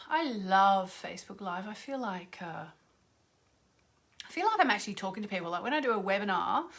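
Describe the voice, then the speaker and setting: A woman's voice: mid-range voice, creaky, bright, forceful tone. A middle-aged woman, an astrologer and radio host, chatting casually with viewers on a livestream and greeting them by name.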